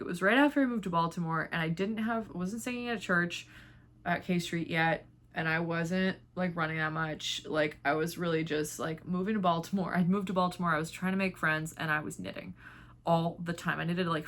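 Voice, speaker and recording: A woman's voice: lowish voice, normal speed, fairly bright tone. A woman hosting a knitting vlog, chatting casually and rambling with lots of filler words. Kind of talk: casual chat.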